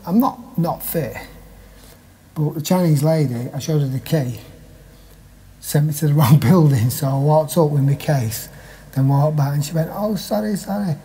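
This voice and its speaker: A man's voice: on the high side, mellow, slightly rough. A man with a Manchester accent chatting through a casual vlog walkthrough of a small hotel room and stairwell, with jokey, wry asides. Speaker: travel vlogger reviewing a hotel.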